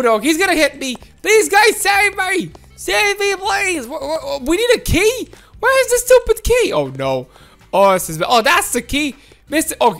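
A woman host giving excitable, exclamatory playthrough commentary on a video game, often giggling. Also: high-pitched. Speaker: gaming channel host.

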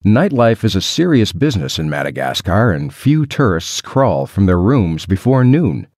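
A man's voice: lowish voice, sing-song, normal speed, darkish tone, slight background noise. A man narrating an adventure story in the first person, with a dry, wry storytelling manner. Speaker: audiobook narrator.

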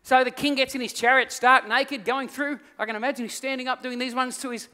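A male pastor preaching a sermon, telling stories with lively acted-out voices. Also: extremely high pitch, a little fast, clear, resonant tone. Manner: animated storytelling, acts out voices in the story. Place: church hall. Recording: reverberant church hall.

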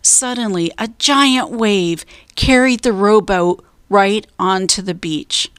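A woman storyteller reading a children's book aloud, slow, clear and deliberate. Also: medium pitch, a bit bright, no room sound, studio quality.

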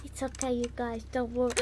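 A woman's voice: high-pitched, heavy background noise. A woman from England chatting on a live gaming stream, easily startled and laughing often.

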